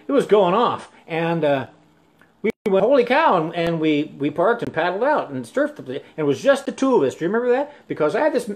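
A man's voice: a little high, darkish tone. Older man telling rambling stories. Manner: halting, full of restarts and fillers. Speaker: musician hosting a live stream. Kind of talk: rambling storytelling between songs.

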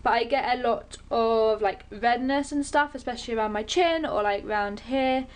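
A young woman from England chats to her camera in a light, slightly high voice. She rambles happily between asides in a relaxed beauty vlog. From Britain. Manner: chatty, rambling, bubbly, quick asides. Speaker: beauty vlogger. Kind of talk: casual vlog chat to camera.

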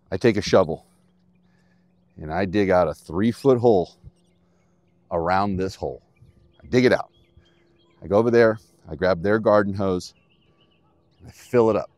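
A man's voice: lowish voice, a little slow, pauses often, darkish tone, dry recording. A man teaching golf outdoors on a course in a casual, upbeat, plain-spoken way, talking straight to the viewer. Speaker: golf instructor.

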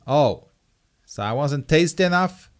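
A man doing let's play commentary, excitable and swearing, coaxing the creature on screen. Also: fairly high pitch, measured pace. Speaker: gaming commentator.

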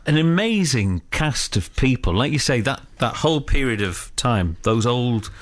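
Man, very animated pitch, chatty interviewer. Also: moderate pace. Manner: chatty, prompting questions. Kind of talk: casual interview.

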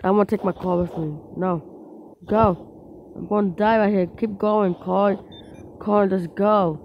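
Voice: medium pitch, fairly even intonation, unhurried, muffled recording, slight background noise. A gamer giving casual let's-play commentary on their own mobile play, rambling to themselves with frequent restarts and small outbursts at the game.

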